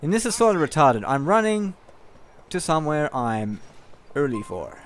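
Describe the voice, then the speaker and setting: A man's voice: a little high, expressive, moderate pace, a little hiss or hum. A young man telling a long, rambling personal story over gameplay, candid and casual with frequent swearing. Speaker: gameplay commentator.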